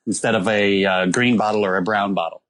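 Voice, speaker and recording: Calling in from abroad, a man co-hosts a casual podcast and presents a beer through a rambling story full of ums and uhs. His voice is lowish and steady, fairly quick, with a fairly bright tone.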